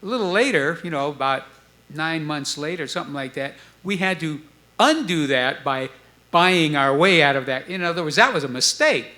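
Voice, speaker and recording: A man in his seventies telling stories on a club stage, acting out the voices of others in his tale. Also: normal speed. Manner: animated storyteller, acts out quoted voices with jumps in pitch. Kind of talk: storytelling chat before a live audience.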